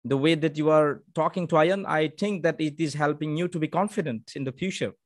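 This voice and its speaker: An upbeat male host keeps a live online session moving, greeting viewers and reading out names. His voice sits a touch high, coming through a video call. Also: a little fast. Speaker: moderator.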